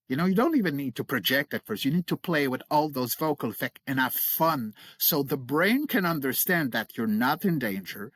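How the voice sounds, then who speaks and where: As an interview guest, a middle-aged creature voice coach breaks down technique with cheerful enthusiasm, laughing often. His slightly high, somewhat bright voice moves through big pitch swings, captured dry and close without room echo.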